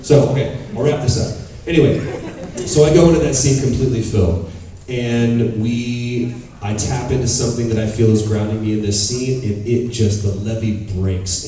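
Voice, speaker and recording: A man's voice: lowish voice, normal speed, recorded from a distance. A man in his thirties at a convention Q&A, telling candid stories, swearing freely and acting out what people said. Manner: animated, candid storyteller who swears and acts out quotes. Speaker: convention panel guest. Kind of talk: audience Q&A storytelling. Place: large convention hall. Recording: echoey hall taped from the audience.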